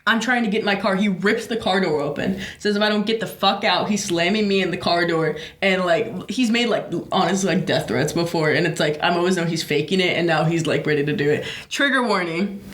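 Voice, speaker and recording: Brief: young adult podcast co-host, profane rambling storyteller, mid-pitched voice, echoey room. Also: fairly quick, few pauses, a bit bright. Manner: profane, rambling, many fillers. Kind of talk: casual storytelling.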